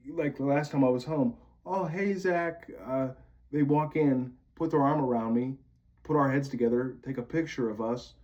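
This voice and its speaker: A man's voice: mid-range voice, warm tone, dull audio. A man from Pennsylvania venting bitterly to camera, swearing often as he rants. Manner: bitter, profane ranting. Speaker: vlogger.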